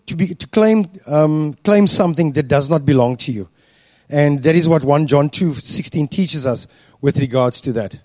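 A man giving a sermon, speaking deliberately with frequent fillers and restarts. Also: a little high, darkish tone, no room sound. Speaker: preacher.

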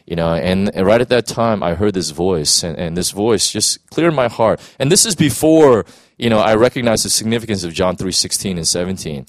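Brief: an earnest pastor sharing his story, lower voice swinging up and down with feeling. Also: expressive, normal speed, no echo. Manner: emotional, earnest, many restarts and "you know"s. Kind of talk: personal testimony in conversation.

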